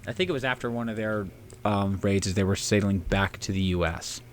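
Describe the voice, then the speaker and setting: A man's voice: fairly low pitch, a little fast, a little hiss or hum. A man co-hosting a casual history podcast, rambling and swearing as he tells the story. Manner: rambling, profane, puts on silly shouting voices for historical figures. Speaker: podcast co-host.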